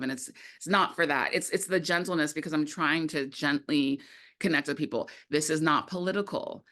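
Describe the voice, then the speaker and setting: A woman filmmaker talking casually in an interview, animated and quick to act out what others said, with many "like" fillers. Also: deep voice. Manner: animated, acts out quoted voices, many "like" fillers. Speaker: documentary filmmaker, guest.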